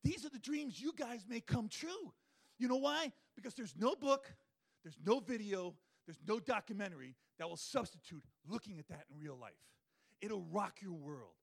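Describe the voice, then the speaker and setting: A man telling a wildlife story to an audience in an animated way, acting out his own thoughts and the animals with big swings of voice. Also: high-pitched, moderate pace, vocal fry. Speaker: wildlife photographer giving a talk.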